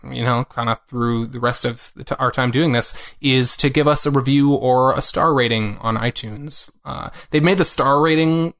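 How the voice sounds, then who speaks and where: A man of ordinary pitch co-hosting a podcast in an easygoing chat. He hesitates a lot, filling gaps with drawn-out fillers, then drops deadpan jokes. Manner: hesitant, full of "uh" fillers, dry humor. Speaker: podcast co-host.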